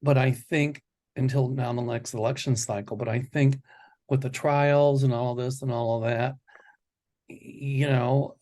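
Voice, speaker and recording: A man's voice: medium pitch, dark tone. Rambling confident male psychic host. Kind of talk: casual predictions chat.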